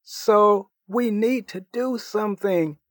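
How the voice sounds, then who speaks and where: A frantic young man voiced by a male reader pleads in a raised, strained pitch, drawing out his words. He is melodramatic and quick to despair. The sound is dry and close. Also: dry recording, heavily acted. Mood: pleading.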